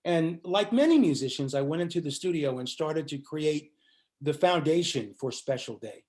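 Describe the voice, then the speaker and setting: A man's voice: fairly high pitch, moderate pace. An older man, a musician guest in an interview, telling a story and acting out the lines of the people in it. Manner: animated storyteller acting out quotes.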